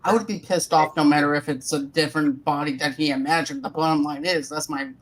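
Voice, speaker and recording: A man's voice: on the high side, fairly even intonation, brisk. Earnest man making his point firmly. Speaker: podcast co-host. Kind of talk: casual review chat.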